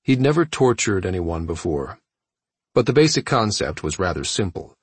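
A man narrating a science fiction audiobook in a steady storytelling manner. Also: low-pitched, normal speed, slightly rough, no room sound. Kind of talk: scripted narration.

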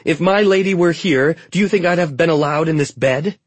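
A young handmaiden talks fast and high to cover a lie, as a man narrator puts her on. Her voice rises loud and strained, with a husky grain. The recording is dry and close. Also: no room sound, lightly acted. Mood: insistent. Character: young woman, quick-witted handmaiden, bold liar.

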